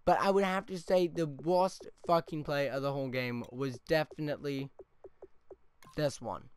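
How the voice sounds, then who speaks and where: A man with a slightly high voice rants over football game footage, cursing constantly and checking in with "okay?" after each point. His voice is smooth and clear and sits close and dry on the mic. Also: steady tone, moderate pace, no room sound. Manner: profane, ranting, keeps tagging "okay?". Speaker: gaming YouTuber. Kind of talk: angry gameplay rant commentary.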